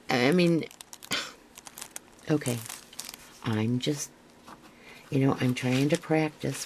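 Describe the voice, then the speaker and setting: An older woman with a gravelly voice, a craft vlogger chatting to camera as she unpacks a parcel, gushing and rambling with restarts, sometimes dropping to a near-whisper. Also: extremely low pitch, a little mellow, a little hiss or hum, low-quality recording. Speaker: craft vlogger showing a haul. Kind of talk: casual show-and-tell to camera.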